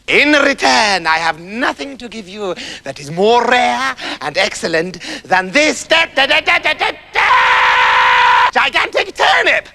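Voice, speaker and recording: A man voicing an excitable, giggly king who bursts into shouts. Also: very high-pitched, unhurried, gravelly, slightly rough, pitched above the performer's own voice, full character voice. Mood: giddy. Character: giddy, excitable male king.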